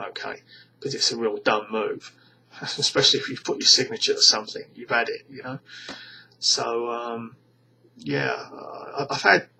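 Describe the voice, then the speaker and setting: Man, British accent, casual rant to camera, stammering restarts, exasperated, tense bright voice. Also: medium pitch, slight background noise, rough recording. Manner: rambling, with frequent stammered restarts; scornful, exasperated. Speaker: vlogger. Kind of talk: casual ranting monologue to camera.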